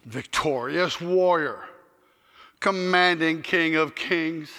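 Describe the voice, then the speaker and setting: A man speaking a slow, deliberate prayer of praise, his voice fairly high and very bright. Each phrase lingers in the long reverb of a large hall.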